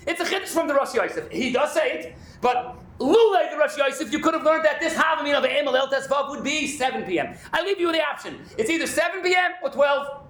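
A man teaching a Talmud class, talking in an animated way and often breaking into shouts. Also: very high-pitched, quick pace, hardly any pauses. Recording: echoey room.

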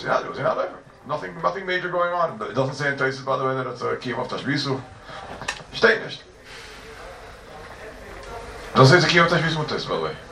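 A man's voice: on the high side, creaky, slight background noise. Man lecturing in an echoey room. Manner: animated, rhetorical questions, Yeshivish mix of Hebrew and Yiddish terms. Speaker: Talmud teacher. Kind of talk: Talmudic lecture. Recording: echoey room, distant mic, faint ambience.

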